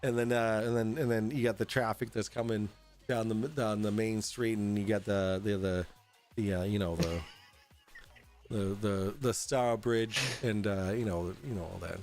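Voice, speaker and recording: A young adult man hosting a casual livestream from home, tipsy, rambling and halting with lots of fillers and swearing. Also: fairly low pitch, steady tone, darkish tone, soft background music. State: tipsy from drinking. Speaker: host. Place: at home in an apartment.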